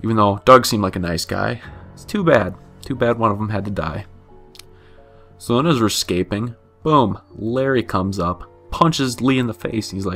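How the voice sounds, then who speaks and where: A man's voice: fairly low pitch, lively intonation, fairly quick, fairly bright tone, faint music behind. A man giving a casual, flippant game recap, rambling and swearing, correcting himself as he goes.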